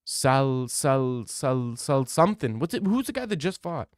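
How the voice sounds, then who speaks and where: Young man, casual streamer chat, rambling, opinionated, medium pitch, dry close sound. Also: very animated, unhurried, no room sound. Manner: rambling, opinionated, repeats himself. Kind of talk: casual chat reading live chat.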